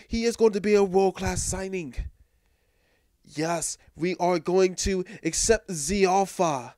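A man's voice: sits high, darkish tone, dry recording, clean studio sound. A man putting on a poor fake French accent as a pompous club official making formal announcements.

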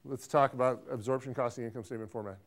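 A middle-aged man runs an accounting class in a lecture room at an even, middling pitch. He quizzes students in a playful, teasing way and often repeats his praise. He talks like a relaxed professor. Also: quick pace.

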